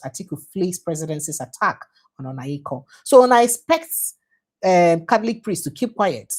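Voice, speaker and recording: Low husky Nigerian woman reading headlines. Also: big pitch swings, darkish tone. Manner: reads headlines quickly, slips into Pidgin asides. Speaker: news show host. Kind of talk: reading and commenting on newspaper headlines.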